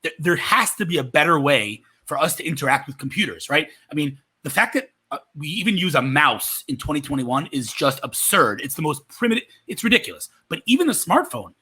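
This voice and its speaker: A man speaking as a podcast guest, telling a story with animated enthusiasm. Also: a little high, brisk, few pauses, breathy edge. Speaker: podcast guest, tech marketer. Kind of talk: conversational interview.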